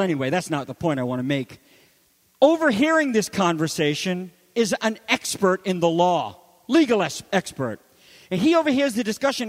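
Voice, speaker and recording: Passionate male preacher, high voice, reverberant sound. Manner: impassioned preaching, swinging from loud emphasis to hushed asides. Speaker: pastor. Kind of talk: sermon.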